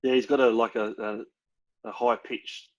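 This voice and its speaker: A man's voice: mid-range voice, level tone, a little slow, rough recording. A young Australian man co-hosting a podcast, chatting casually, bluntly and enthusiastically, with some swearing. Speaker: podcast co-host. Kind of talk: casual chat.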